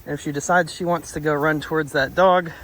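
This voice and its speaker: High-voiced man, relaxed dog trainer. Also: a little fast, a little hiss or hum, poor audio. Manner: relaxed, chatty, praises the dog often. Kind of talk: casual explanation on a training walk. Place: outdoors on a walk with a dog.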